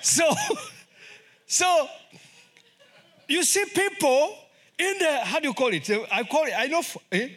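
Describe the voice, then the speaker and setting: A man preaching as a guest missionary, animated, repeating his words and acting out the voices of the people he talks about. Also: extremely high pitch, normal speed, slight background noise. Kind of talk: lively sermon.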